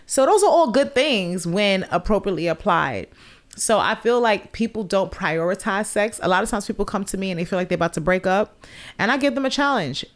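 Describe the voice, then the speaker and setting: A woman's voice: mid-range voice, animated, fairly quick. A woman on a podcast explaining relationships frankly and crudely, like a coach, in casual chat.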